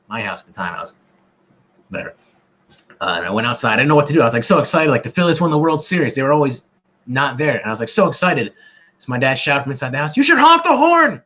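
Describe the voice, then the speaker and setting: A man's voice: mid-range voice, fairly bright tone. A man hosting a casual trivia livestream, joking around and rambling in a self-deprecating way. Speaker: quiz host. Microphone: camera mic. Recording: dull lo-fi livestream audio.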